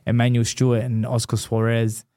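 On an interview show, a former boxing champion from Australia tells a long personal story in an ordinary, middle-pitched voice. He's brisk, animated, and lively, slipping into the voices of the people he quotes.

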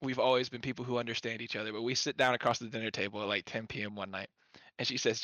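A man's voice: mid-range voice, steady tone, fast talker, a bit bright, no echo. A young man telling stories in casual chat with friends, rambling with lots of "like" fillers and laughing as he goes. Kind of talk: casual storytelling among friends.

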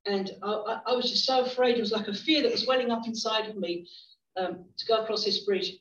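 A middle-aged woman visiting a church as a guest preacher tells stories in a chatty sermon, often restarting her sentences. Her voice is fairly high and fairly quick, captured in a church hall with a roomy, distant, dull sound.

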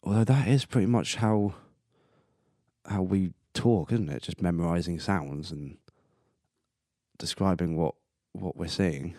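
A man's voice: deep voice, a little slow, pauses often, dark tone, dry recording, studio quality. A man hosting a casual solo podcast, rambling and chatty, swearing casually and laughing at himself. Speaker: podcast host.

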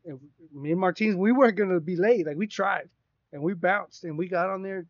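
A man's voice: high-pitched, brisk, no echo. A man casually telling a rambling, profane story on a podcast. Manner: profane, rambling, animated retelling. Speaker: podcast co-host. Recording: dry, slightly dull sound.

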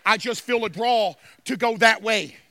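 Male lion, deep and baffled, put on by a preacher mid-sermon. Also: moderate pace, bright, forceful tone, no room sound, clean studio sound. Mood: puzzled. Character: male lion in the jungle, uneasy.

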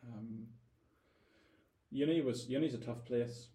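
In a reverberant space, a man from Northern Ireland shares stories as a guest in a relaxed interview, his mid-range voice slow and mellow. He sounds thoughtful, frequently repeating words as he collects himself.

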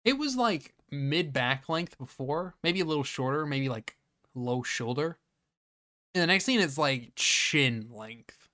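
A man hosting a podcast, retelling a movie scene by scene in a casual, profane and animated way. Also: on the high side, a little slow. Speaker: podcast host. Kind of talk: casual movie review chat.

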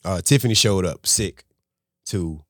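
A man, a restaurant owner and podcast guest, telling a story in a casual, animated way and acting out conversations. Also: low voice, unhurried, no echo, clean studio sound.

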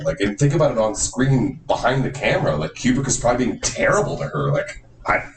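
A man co-hosting a podcast in casual chat, rambling, animated and swearing freely. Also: mid-range voice, quick pace, few pauses. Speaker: podcast co-host. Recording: echoey room, far from mic, noisy.

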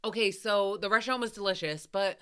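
A young woman hosting a podcast, telling stories in a casual, animated way, swearing freely and acting out what people said with loud outbursts. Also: medium pitch, a little fast, smooth. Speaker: podcast host. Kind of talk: casual storytelling recap.

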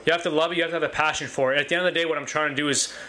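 A man with a slightly raised, bright and forceful voice pitches his butcher shop with eager enthusiasm. He stacks up repeated phrases and stumbles into restarts as he talks. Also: steady tone, racing, slight background noise. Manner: enthusiastic, repetitive, many restarts. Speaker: butcher shop owner, guest. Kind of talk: casual interview talk.

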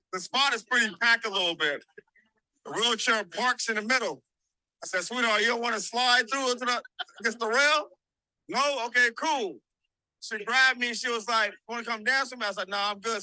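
Co-host, male, high and very bright voice, animated storyteller who plays out every quote. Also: normal speed, long pauses, no echo, rough recording. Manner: animated, laughing, acts out quotes. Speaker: podcast co-host. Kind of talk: casual storytelling.

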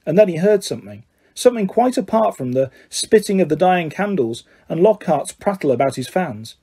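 A man narrating a storybook in a steady, even storytelling manner. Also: high-pitched, moderate pace, slightly rough. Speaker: audiobook narrator.

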